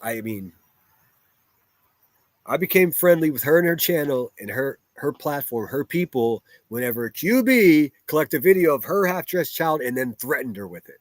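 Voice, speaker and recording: A man's voice: on the high side, very animated, normal speed, dry recording. A man ranting bluntly and profanely on a livestream, picking apart online drama and reading viewer chat aloud.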